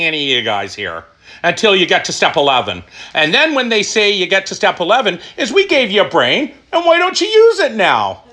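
A middle-aged man telling his recovery story, emphatic and animated, asking questions and answering them himself. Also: high voice. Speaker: recovery speaker. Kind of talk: personal testimony talk.

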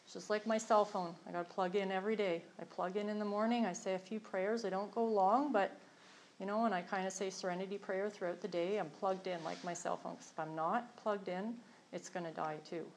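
A woman's voice: medium pitch, steady tone, a little fast, a little hiss or hum. A middle-aged woman giving a candid, rambling personal testimony with self-deprecating humor to a group in a meeting room. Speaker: speaker sharing her recovery story.

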